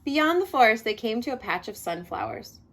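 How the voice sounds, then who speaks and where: A woman reading a picture book aloud to children, expressive and adding chatty asides as she goes. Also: a little high, a little fast, gravelly, a little hiss or hum. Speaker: read-aloud storyteller.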